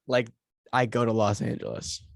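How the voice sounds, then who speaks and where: A man co-hosting a casual movie podcast, excitable and playful, quick to joke. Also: medium pitch, creaky, dry recording, clean studio sound. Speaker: podcast co-host.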